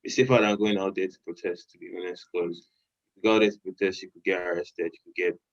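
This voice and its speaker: A man with a very low, level voice answers calmly and plainly. His sound comes through muffled and lo-fi, like a remote connection. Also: fast. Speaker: musician guest. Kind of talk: casual interview answer.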